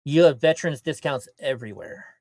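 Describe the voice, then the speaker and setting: A man's voice: on the high side, a little fast, darkish tone, no echo. A man co-hosting a casual livestream chat, telling rambling, profane stories. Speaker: livestream co-host. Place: lives in California.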